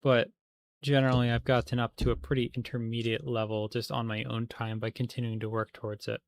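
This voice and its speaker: A man's voice: medium pitch, little pitch movement, fairly quick, gravelly. A man chatting casually on a livestream while he plays a game, rambling with many fillers and restarts.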